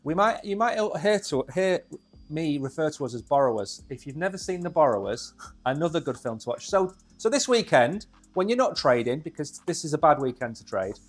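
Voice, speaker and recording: A man's voice: on the high side, big pitch swings, fairly quick, faint music behind. A man co-hosting a casual crypto stream, chatty and joking. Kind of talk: casual chat.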